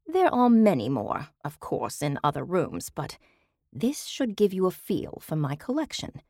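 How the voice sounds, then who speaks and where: A woman's voice: lowish voice, wildly swooping pitch, unhurried, darkish tone, dry recording, studio quality, heavily acted. Woman voicing a haughty, grand society dame. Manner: imperious, theatrical. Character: haughty wealthy dame with put-on British airs. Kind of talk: audiobook character voice.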